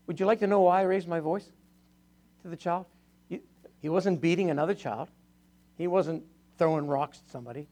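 A man's voice: on the high side, fairly quick, pauses often, a little mellow. An older man preaching to his church, telling personal stories in a chatty way, laughing often and acting out the voices of people he quotes. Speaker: pastor. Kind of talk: storytelling sermon testimony.

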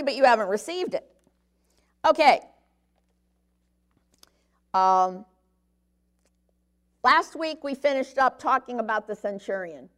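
A middle-aged woman with a slightly high voice leads a sermon-style Bible lesson. She talks in a loose, conversational way, often pausing to check in with her listeners. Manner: conversational teaching, frequent "okay?" check-ins. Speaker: Bible teacher.

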